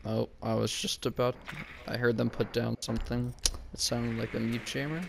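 A man's voice: mid-range voice, level tone, moderate pace, creaky, noisy background. A man playing a video game, talking strategy with his teammate over a headset, with now and then a frustrated outburst. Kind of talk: team voice chat during play.

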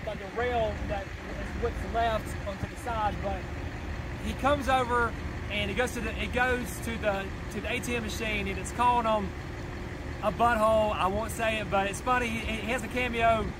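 A man hosting a laid-back vlog outside on a city street, talking into the camera in a fairly high voice. He wanders through his sentences with lots of "uh"s and restarts, and loud traffic and street noise rumble behind him. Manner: rambling, full of fillers and restarts. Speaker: vlog host. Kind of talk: casual on-location vlog.

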